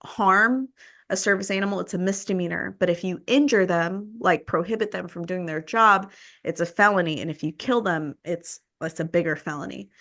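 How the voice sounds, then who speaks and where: A woman podcast host, telling a story in casual conversation and acting out the quoted exchanges. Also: moderate pace. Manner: animated, acts out quoted exchanges with rising pitch.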